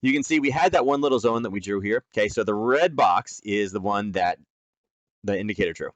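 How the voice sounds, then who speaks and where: This man's voice is lowish and fairly quick, recorded with no echo. Hosting a nightly live trading stream, he talks casually to viewers about charts, leaning heavily on "um" and "like."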